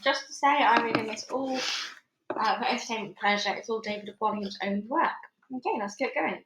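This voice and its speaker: A woman reading a children's book aloud to listeners in a friendly, expressive way. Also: on the high side, normal speed, reverberant, a little hiss or hum, poor audio. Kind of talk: read-aloud storytelling.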